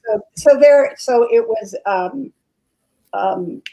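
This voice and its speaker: A woman's voice: fairly high pitch, takes it slowly, dark tone, low-quality recording. A woman actress chatting as a guest in an interview, rambling with many fillers and restarts. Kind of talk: casual interview chat.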